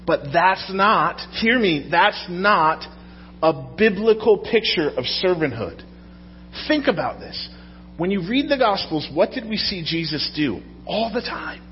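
Man, pastor, sermon, conversational, slightly high voice, long hall reverb. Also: lively intonation, measured pace, dull audio, a little hiss or hum. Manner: conversational, asks the audience questions.

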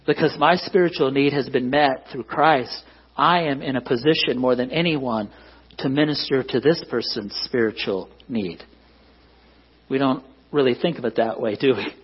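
A man's voice: medium pitch, moderate pace, breathy edge, muffled recording. A man preaching a conversational sermon as pastor, often asking the congregation to agree. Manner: conversational, self-deprecating, asks the congregation for agreement. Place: church.

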